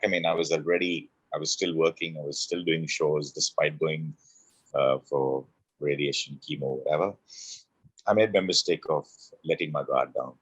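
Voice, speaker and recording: A man's voice: low-pitched, no echo, rough recording. A middle-aged man telling his personal story as an interview guest, heartfelt and repeating phrases for emphasis.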